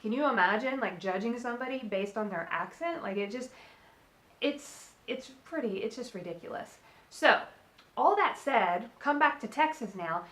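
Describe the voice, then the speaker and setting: A woman's voice: a little high, sharp tone, reverberant, rough recording. A young adult woman from California hosting a casual solo opinion talk, chatty and frank, with many fillers and restarts. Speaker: podcast co-host.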